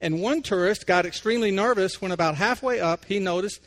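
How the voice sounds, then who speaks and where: A man's voice: high-pitched, brisk, fairly bright tone. A man hosting a radio devotional, telling stories and talking plainly about faith in a conversational way. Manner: folksy storytelling, plain-spoken.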